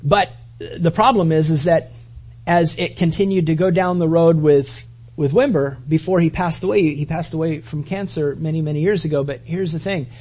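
Male pastor, husky, slightly high voice; casual, animated sermon delivery. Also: normal speed. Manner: conversational, animated preaching with quoted asides.

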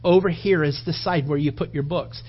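A man doing a muscular, stern schoolteacher whose voice comes out thin, soft and a little husky instead of gruff. He lays down classroom rules slowly and precisely. The sound is dull and muffled. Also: fairly high pitch, fairly even intonation. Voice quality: soft, fine voice. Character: burly stern male schoolteacher with a soft, fine voice.

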